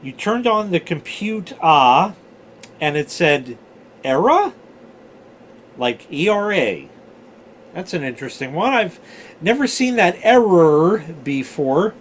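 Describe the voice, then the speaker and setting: A man's voice: a little high, sing-song, slow, a little hiss or hum. A man in his forties telling old stories in a casual, rambling way, swearing freely and drifting off on side tangents. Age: 40s. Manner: chatty, swears freely, digresses. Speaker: storyteller host.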